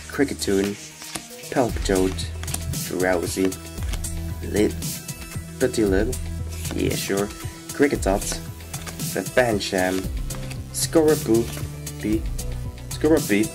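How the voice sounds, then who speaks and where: A man with a sick voice hosts a casual card-unboxing video, his voice sitting very low. He talks slowly and calmly, reading each card name aloud one by one. Music plays behind him throughout. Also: poor audio. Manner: unhurried, reads out each card name in turn. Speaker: card-opening channel host. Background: background music.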